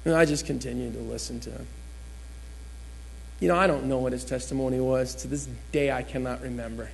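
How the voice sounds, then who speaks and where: A man's voice: medium pitch, fairly even intonation, quick pace, creaky. A man giving a personal testimony in a church, telling his story vividly and acting out what people said. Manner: storytelling, acts out quotes with shifting voice. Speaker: guest speaker giving testimony.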